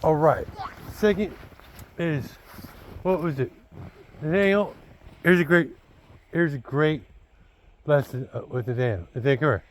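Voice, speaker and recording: A man's voice: on the high side, measured pace, long pauses, a little hiss or hum, poor audio. A man talking casually to his son about dating, blunt and preachy, looping back with filler words like "you know" and "dude". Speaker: father giving his son dating advice. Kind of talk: casual rambling vlog talk.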